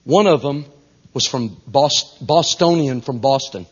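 Southern preacher guy telling a story in church, husky voice, goes quiet then loud, kinda muffled lo-fi recording. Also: mid-range voice, a little slow. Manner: animated, folksy, swings from hushed to loud. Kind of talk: storytelling sermon. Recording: dull lo-fi recording.

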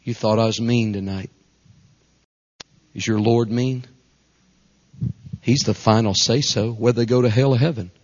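Husky-voiced man preaching a revival. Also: medium pitch, steady tone, normal speed, pauses often. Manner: emphatic, repetitive, swings between hushed and raised. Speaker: traveling Pentecostal preacher. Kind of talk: revival sermon. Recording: dull lo-fi recording.

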